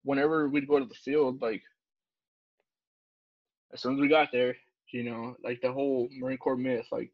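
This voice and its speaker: Husky rambling man, dull dry sound. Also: mid-range voice, little pitch movement, moderate pace, long pauses, no room sound. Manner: rambling, many fillers and swears, says dude and bro. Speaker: podcast co-host, Navy corpsman. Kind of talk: casual profane storytelling chat. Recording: dull, dry podcast recording.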